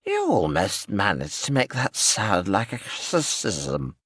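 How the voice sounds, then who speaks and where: A man's voice: on the low side, wildly swooping pitch, unhurried, a bit bright, slightly rough, no echo, clean studio sound, full character voice. A male narrator voicing a drunk, slurring, grey-haired older soldier with pompous, befuddled dignity in an audiobook. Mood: drunken bluster. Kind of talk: audiobook character voice.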